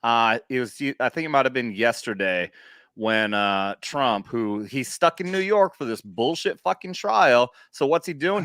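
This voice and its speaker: Male vet co-host, swears a lot, rambling stories, mid-pitch, dry close mic. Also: smooth, no room sound. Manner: rambling, swears often, animated retelling. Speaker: podcast co-host, military veteran. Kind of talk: casual profane chat. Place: central Missouri.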